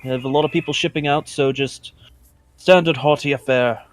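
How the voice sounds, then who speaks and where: A man's voice: on the high side, steady tone, a little fast, close to an everyday voice. A man voicing a burly male orc tavern keeper who talks in a folksy, drawling way with an accent that keeps slipping. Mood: homely.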